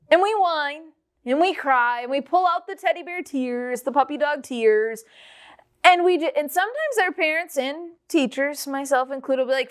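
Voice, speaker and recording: Animated woman telling kids a Bible story. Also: high voice, moderate pace. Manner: animated, addresses the kids directly. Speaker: children's church teacher.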